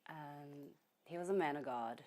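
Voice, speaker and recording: A grieving young woman with a low-pitched voice. She speaks softly and haltingly, with frequent pauses and fillers, in an interview at home. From New Zealand. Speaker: grieving family member being interviewed. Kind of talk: emotional interview testimony. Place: family home, indoors.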